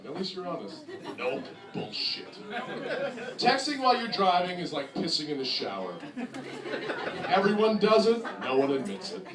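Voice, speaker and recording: A man's voice: medium pitch, far from the mic. A young man from New Jersey with a New Jersey accent doing a crude, sarcastic stand-up comedy set, jumping into mock voices. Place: comedy club with a laughing audience. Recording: echoey club recorded from afar, crowd laughter.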